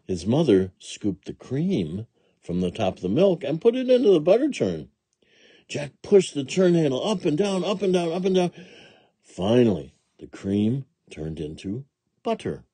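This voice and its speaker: Slow, husky male storybook reader. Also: mid-range voice, no echo. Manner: slow, gentle and expressive. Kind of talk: read-aloud storytelling for children.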